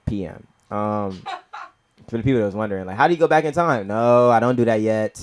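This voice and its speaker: Speaking a little fast, a young Nigerian-heritage comic rambles through his open-mic set at a comedy club. Heavy slang runs throughout, with "bro" and "you feel me" on repeat, and he turns loud and high when acting out stories.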